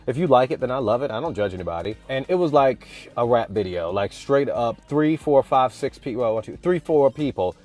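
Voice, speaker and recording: A man vlogging, telling a story casually in a slangy, animated way. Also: medium pitch, fairly quick, soft background music. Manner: animated, slangy, acts out quotes.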